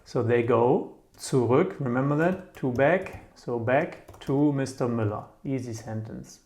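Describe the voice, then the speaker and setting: A male language teacher who talks slowly and thinks aloud as he goes. He keeps checking in with his listener and repeats words over and over. Keys clatter softly in the background as he types. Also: mid-range voice. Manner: slow, musing, repeats words aloud, frequent "yeah?" checks. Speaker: German teacher. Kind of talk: casual explanatory lesson.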